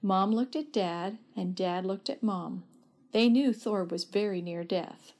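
A woman narrating a children's story aloud in a steady, gentle read. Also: medium pitch, measured pace.

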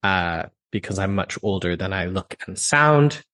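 A man from Canada speaks as a podcast guest with a fairly low voice. He is a voice teacher who talks in an expressive, thoughtful way with many fillers. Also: a little slow. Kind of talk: conversational interview.

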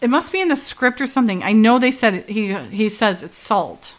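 A fairly high-pitched, expressive woman's voice, speaking a little fast. She co-hosts a casual podcast, animatedly recapping a TV episode and laughing as she quotes the characters.

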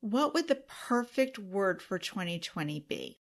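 In a mid-range, sing-song voice and at a measured pace, a woman runs her podcast alone. She talks to listeners earnestly and emotionally, at times welling up with tears.

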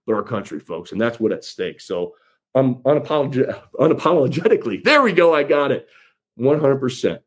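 Husky-voiced man giving a folksy campaign pitch. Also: very animated, normal speed. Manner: folksy, emphatic, repeats phrases for effect. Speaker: political candidate. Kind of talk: campaign address to followers.

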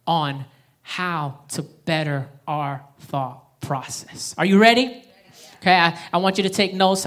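A woman preaches to her congregation in a slightly low voice, pressing her points with emphasis and drawing the room into reading along with her. Her delivery is that of a pastor at a church service. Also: a bit bright. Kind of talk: sermon.

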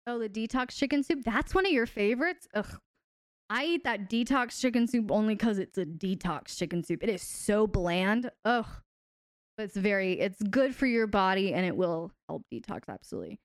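A woman who is a host and relationship coach wraps up a live stream casually, teasing viewers and answering chat with plenty of laughter. Her mid-range voice is expressive and playful at a normal speed, captured in clean studio sound with no room noise.

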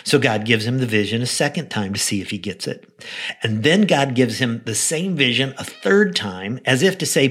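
A male pastor tells a story in an animated, conversational preaching style. His voice sits at a middle pitch. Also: normal speed, slightly rough. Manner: soft, prayerful close. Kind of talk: devotional podcast sermon.

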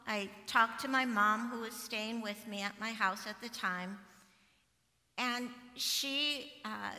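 Bright-voiced woman pastor in a reverberant church. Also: fairly high pitch. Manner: personal storytelling, conversational and animated. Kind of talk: sermon. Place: church sanctuary. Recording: long hall reverb from a church.

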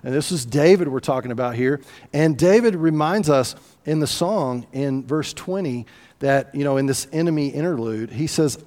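A man's voice: on the high side, normal speed, darkish tone, in a large hall. A man preaching a sermon in a conversational, folksy way, with asides and restarts. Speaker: pastor.

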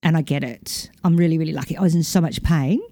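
Chatty woman, low warm voice. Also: quick pace, dry recording, clean studio sound. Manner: chatty, animated storytelling with playful voiced quotes. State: recovering from concussion. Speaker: podcast host. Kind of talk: casual storytelling monologue.

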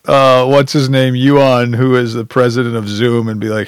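A man's voice: mid-range voice, flat delivery, normal speed, smooth, no room sound. A man hosting a podcast over a video call, chatting in a joking, self-deprecating way with many restarts, then reading a story aloud. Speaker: podcast host.

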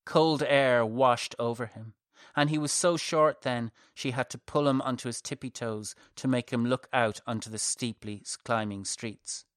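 A man reading his own dark fantasy story aloud in a measured, softly dramatic narration. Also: mid-range voice, fairly even intonation, dry recording, clean studio sound.

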